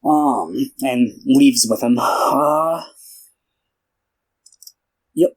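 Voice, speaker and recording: A man's voice: medium pitch, extremely slow, rough recording. A man co-hosting a podcast in a casual chat, recapping a film in a rambling way with lots of fillers and restarts. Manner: retells scenes by acting out the characters' lines. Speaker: podcast co-host.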